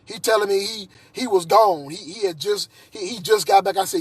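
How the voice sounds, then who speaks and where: Man, high husky voice, heated ranting monologue with restarts. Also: fairly quick, few pauses. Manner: agitated, repetitive, restarts often. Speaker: vlogger.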